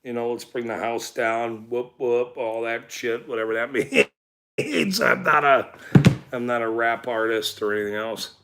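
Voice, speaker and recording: A man's voice: mid-range voice, steady tone, a little slow, pushed and bright, slight background noise. A man ranting with heavy swearing and then chatting casually, laughing often and rambling as he talks to his viewers.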